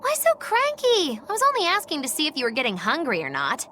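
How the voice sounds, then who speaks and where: A woman's voice: high-pitched, wildly swooping pitch, racing, sharp tone, slight background noise, full character voice. An actress voicing a mischievous young woman mage in a video game, speaking in a playful, teasing, theatrical way. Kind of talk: game voice acting.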